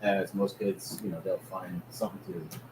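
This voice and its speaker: A man from Germany trades jokes and teasing in a casual chat. His voice rings in a roomy space, with clear background noise behind it. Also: deep voice, little pitch movement, moderate pace. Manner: joking, teasing, profane. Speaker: podcast co-host. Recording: echoey room with background noise.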